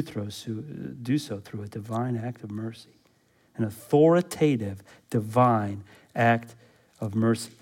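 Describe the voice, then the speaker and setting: A male pastor preaching a sermon, emphatic, often quizzing the congregation with fill-in-the-blank questions and repeating words to press his points. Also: medium pitch.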